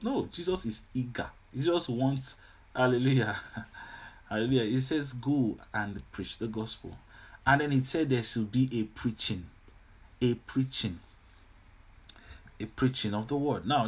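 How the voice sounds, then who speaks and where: A man's voice: mid-range voice, breathy edge. A man preaching a sermon, repeating himself often and breaking in with hallelujahs and amens. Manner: repetitive, exclamatory with frequent hallelujahs and amens. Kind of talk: sermon teaching.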